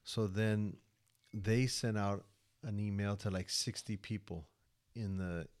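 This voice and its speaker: A man from California telling a story on a podcast as a guest, casual, profane and animated, slipping into quoted voices. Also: fairly low pitch, slow pace.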